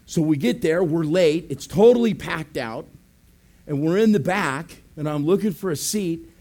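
Male pastor, animated storyteller, slightly high voice, lively swings. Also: normal speed. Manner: animated, acts out voices, laughs often, says "man" and "amen". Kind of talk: sermon storytelling.

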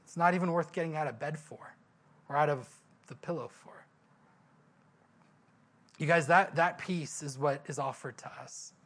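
A pastor preaches a sermon in a somewhat high voice, keeping a moderate pace and pausing often. He tells stories in a chatty, animated, conversational way and puts rhetorical questions to the room.

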